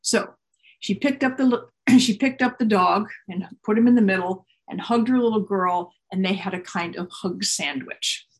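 Woman, children's storyteller, gentle, mid-pitched, video call audio, occasional um and restarts. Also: moderate pace.

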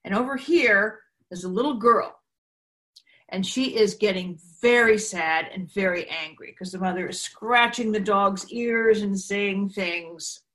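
A woman leading a children's talk at church, telling a story gently and slowly. Her voice sits at a middle pitch and she uses simple props as she goes.

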